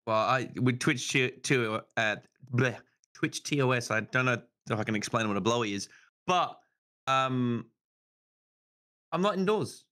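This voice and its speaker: Australian male co-host, relaxed joker, bright, forceful delivery. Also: medium pitch, unhurried. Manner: joking, laid-back storytelling. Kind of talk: casual chat.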